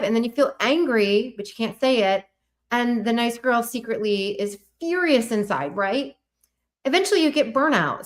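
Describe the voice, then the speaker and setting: A woman hosts a live online workshop in an earnest, coaching tone. Her voice sits a little high, and she turns questions back to the viewers as she talks. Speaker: host.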